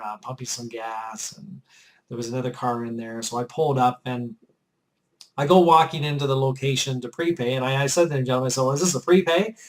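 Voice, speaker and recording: A man with a medium-pitched voice, captured on a rough recording, vlogs to camera. He tells a personal story casually and earnestly, in a chatty way, often repeating himself.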